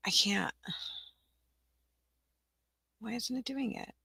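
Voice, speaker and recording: A woman's voice: lowish voice, expressive, unhurried, gravelly, long pauses, bright, forceful tone, dry recording. A woman hosting a casual livestream, flustered and apologetic, talking to herself and laughing often. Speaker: livestream host for teaching-resource sellers.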